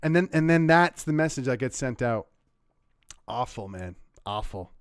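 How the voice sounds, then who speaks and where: A man from Canada giving sarcastic, animated commentary while reacting to a news clip. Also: mid-range voice, moderate pace, smooth, dry recording, studio quality. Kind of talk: casual political commentary.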